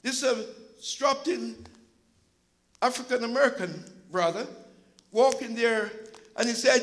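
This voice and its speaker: A male preacher giving an impassioned sermon, telling stories from his church's food pantry and at times rising to a shout. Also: very high voice, expressive, a little slow, pauses often, poor audio. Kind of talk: sermon with storytelling.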